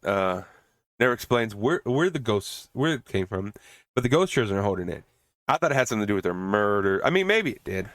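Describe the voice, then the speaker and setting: A man's voice: mid-range voice, a bit bright, dry recording, clean studio sound. A man hosting a podcast, recapping a movie in a rambling, casual way, swearing often and laughing at it. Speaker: podcast host.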